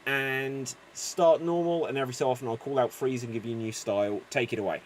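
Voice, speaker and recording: A man's voice: mid-range voice, fairly even intonation, brisk, a little hiss or hum. A man hosting a live improv show, calling out prompts and explaining the game rules. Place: live theater stage.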